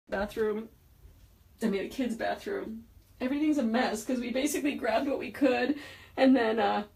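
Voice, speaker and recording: A woman gives a handheld-phone walkthrough of the boat she lives on, moored indoors, chatting casually, emotionally and rambling with lots of fillers. Her voice is mid-range, and the low-quality recording has slight background noise.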